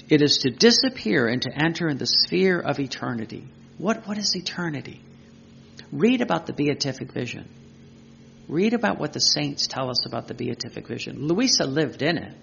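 A man's voice: medium pitch, gravelly, sharp tone, slight background noise. A man giving a devotional teaching talk, earnest, piling up lists and rhetorical questions. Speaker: preacher. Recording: dull lo-fi recording.

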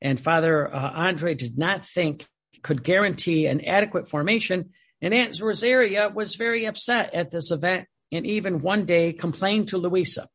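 A man reading aloud and commenting on a spiritual text, telling stories in a digressive, animated way. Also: high voice, normal speed. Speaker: religious teacher.

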